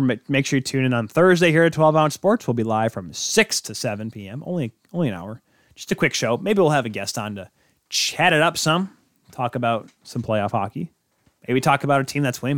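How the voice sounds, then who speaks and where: A man's voice: medium pitch, no echo, clean studio sound. A man hosting a sports podcast, talking casually on his own in a rambling, joking way and correcting himself as he goes. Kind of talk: casual solo sports talk.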